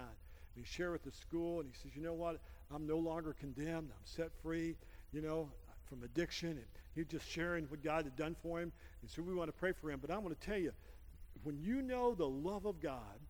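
A male pastor preaching a sermon, telling a story and calling for amens from the congregation. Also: a little high. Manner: storytelling preacher, calls for amens, builds to loud praise. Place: church sanctuary. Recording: long reverb in a church hall with music.

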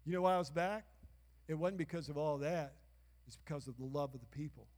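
High-voiced older pastor in a reverberant church. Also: male voice, brisk. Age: 60s. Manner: call-and-response, bursts of shouting. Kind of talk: sermon. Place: church sanctuary. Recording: long reverb of a church hall.

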